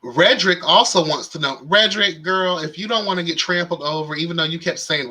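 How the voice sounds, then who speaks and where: A man's voice: fairly high pitch, moderate pace, hardly any pauses, poor audio. A young man hosting a live reality show recap in casual, campy commentary, with sass, slang. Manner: sassy, campy, animated with slang and exclamations.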